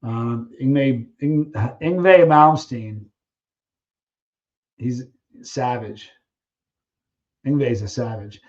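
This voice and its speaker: A man's voice: mid-range voice, very slow, pauses often, dull audio. A man hosting a casual live stream, chatting loosely with viewers, reading out their questions and trailing off while he searches for names.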